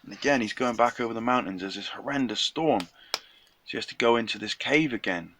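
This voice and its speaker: A man's voice: mid-range voice, fairly quick, fairly bright tone, a little hiss or hum. A young man casually retelling a folk tale in a chatty, slangy way, acting out the characters' lines. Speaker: storyteller.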